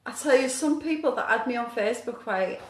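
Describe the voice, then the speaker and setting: A woman's voice: on the high side, lively intonation, fairly quick. A woman chatting casually on a live stream, reading viewer comments aloud and answering questions about her hobby in a self-deprecating, apologetic way. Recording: echoey room.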